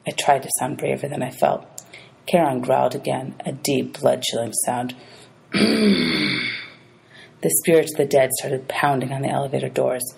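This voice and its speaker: A woman's voice: extremely low pitch, moderate pace, creaky, a little mellow, slight background noise, poor audio. A woman teacher reading a novel aloud to her students, announcing page numbers as she goes.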